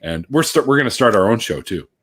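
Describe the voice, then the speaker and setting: A man from Canada, hosting a casual livestream chat in relaxed, laid-back banter. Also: mid-range voice, fast, breathy edge. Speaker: livestream host.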